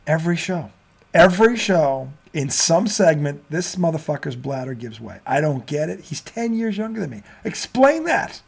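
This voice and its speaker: Animated, high-voiced sports talk man. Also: gravelly, husky. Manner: profane, ranting, quick to laugh. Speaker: sports talk show host. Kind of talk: casual sports debate.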